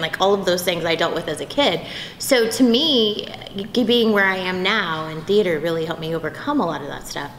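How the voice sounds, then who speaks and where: A woman voice actress telling stories in a convention interview, bubbly and animated, slipping into quick impressions. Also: medium pitch. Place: convention venue. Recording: echoey convention room, faint background noise.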